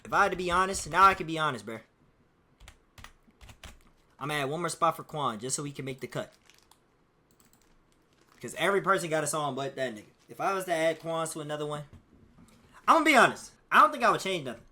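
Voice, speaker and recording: A man's voice: on the high side, animated, fast, pauses often, sharp tone. A man streaming casually, rambling in a loose, profane, slang-heavy way. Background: faint music playing.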